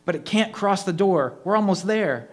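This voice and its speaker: A man reading a story aloud, voicing a frightened teenage girl ghost hunter who shouts in panic. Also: medium pitch, little pitch movement, brisk, close to an everyday voice. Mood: panicked.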